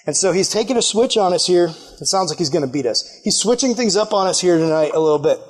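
A young man with a high, light voice gives a laid-back youth sermon. He tells the story in a loose, joking way and laughs at himself often. He talks like a casual storyteller at a church gathering. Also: fast. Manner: animated, jokey, self-deprecating with frequent laughs. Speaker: youth pastor.

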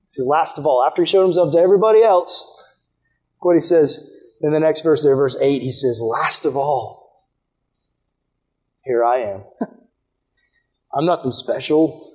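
Young male preacher, fairly high voice, impassioned sermon delivery that swings between hushed and excited. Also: fairly quick. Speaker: pastor.

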